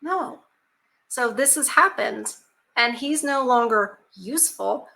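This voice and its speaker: Her voice fairly high and sharp with vocal fry, this channel host keeps a measured pace as she chats casually. She reads a storybook fairy tale aloud, peppering it with asides and emphatic rhetorical questions.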